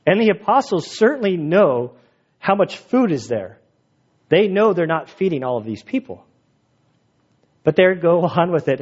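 Animated storytelling preacher, a man. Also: on the high side, normal speed, long pauses, dull audio. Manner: animated, jokey storyteller who laughs at his own stories. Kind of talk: sermon with personal storytelling.

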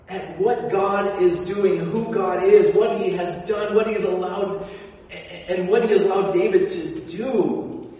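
A male pastor preaching a sermon, telling stories with animated energy and dropping into quiet emphasis. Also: high voice. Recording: echoey hall from far off.

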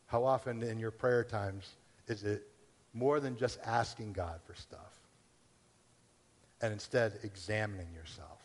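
A man's voice: fairly low pitch, measured pace, long pauses, long reverb tail. A man pastor giving a conversational sermon, acting out the questions people ask themselves. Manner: conversational preaching with acted-out inner questions.

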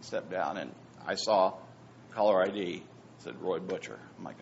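Man preaching, hushed to loud. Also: deep voice, normal speed, gravelly, slight background noise. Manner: swings from hushed to loud, emphatic repetition. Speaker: pastor. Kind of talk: sermon. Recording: dull lo-fi sound with faint ambience.

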